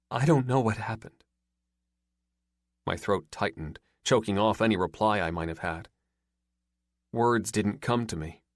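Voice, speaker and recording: A man with a fairly low voice reads a first-person romance audiobook at a steady, measured pace. The recording is dry and close, with no room sound. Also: no room sound. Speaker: audiobook narrator. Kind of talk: first-person scripted narration.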